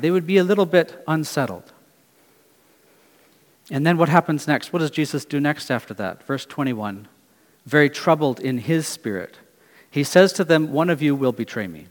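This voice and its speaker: A middle-aged pastor delivers a sermon in a church hall, where long reverb carries his fairly high voice. He asks earnest questions and lets certain phrases drop quiet.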